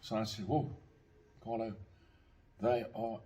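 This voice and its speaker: A man's voice: on the low side, little pitch movement, slow pace, warm tone, slight background noise. An older man telling a casual, rambling anecdote, full of fillers, restarts and chuckles. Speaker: storyteller.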